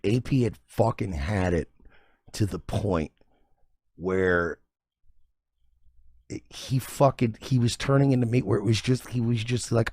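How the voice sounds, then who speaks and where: A man's voice: lowish voice, unhurried, long pauses, darkish tone, husky, no echo, clean studio sound. A man hosting a stream, rambling and profane in casual reaction commentary. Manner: rambling, profane, many restarts. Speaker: stream host.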